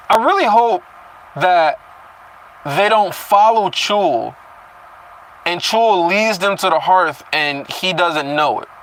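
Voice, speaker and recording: A man's voice: a little high, a bit bright, slight background noise, poor audio. A man reading a story chapter aloud and breaking off into casual, profane comments on it. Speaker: reader reacting to a novel chapter.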